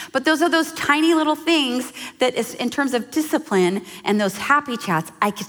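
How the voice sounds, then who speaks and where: A woman's voice: fairly high pitch, fairly bright tone, big-room sound. A mother giving an emphatic, conversational sermon-style talk to a women's church gathering. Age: adult mother.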